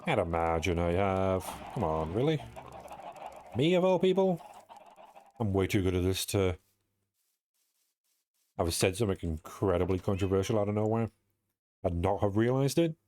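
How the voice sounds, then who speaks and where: A man's voice: low voice, moderate pace, long pauses, darkish tone, dry recording. A young British man streaming a game, rambling casually in a self-mocking way and swearing now and then. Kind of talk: casual streaming chat while playing.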